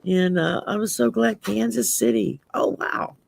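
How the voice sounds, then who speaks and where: A woman's voice: mid-range voice, measured pace, vocal fry, darkish tone. A middle-aged woman from the Gulf Coast with a Southern accent, hosting a casual live-stream chat and laughing often. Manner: chatty, laughs often, says y'all. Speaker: host.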